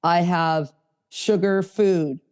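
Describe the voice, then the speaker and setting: A middle-aged woman co-hosting a podcast, talking earnestly and slowing down to stress key phrases as she reads passages aloud from a book. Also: lowish voice, steady tone, a little mellow, smooth. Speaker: podcast co-host. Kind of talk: casual podcast talk reading from a recovery book.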